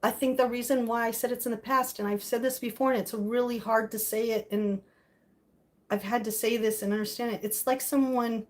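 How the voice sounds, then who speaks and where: Middle-aged woman, slightly high voice, casual live-stream chat, reacts to viewer comments, emotional, laughs easily. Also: fairly even intonation, normal speed.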